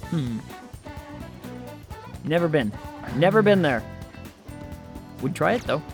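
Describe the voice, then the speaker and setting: Over music, a man with a gravelly, expressive voice on the high side takes his time chatting through a video game stream. He's jokey and playful, often putting on silly voices.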